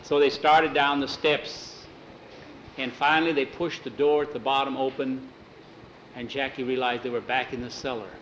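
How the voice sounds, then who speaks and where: A man's voice: medium pitch, fairly even intonation, moderate pace, fairly bright tone, roomy sound, muffled recording, slight background noise. A man telling a spooky story aloud, casually repeating "he says" between quotes. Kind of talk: oral storytelling.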